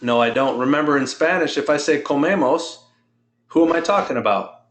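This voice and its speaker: A man's voice: a little high, fairly quick, roomy sound, slight background noise. A man teaching a Spanish lesson, patiently explaining grammar and drilling pronunciation. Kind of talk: online language lesson.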